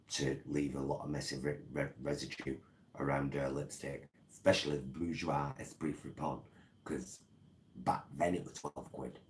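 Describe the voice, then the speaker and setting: Chatty man, extremely low voice, live-streaming to viewers and reading their comments. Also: a little hiss or hum. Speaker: vlogger.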